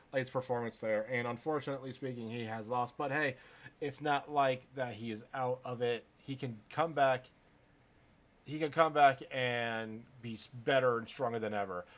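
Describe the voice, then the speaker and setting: A man hosting a stream and commenting on wrestling matches in a casual play-by-play style. He is excitable, swears freely and speaks straight to chat and the viewers. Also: mid-range voice.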